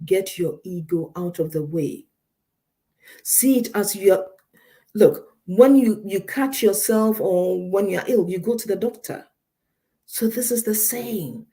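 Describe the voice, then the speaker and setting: A woman's voice: medium pitch, slow pace, mellow. A woman counselor giving emphatic, direct advice to listeners on a radio show, often repeating her key points.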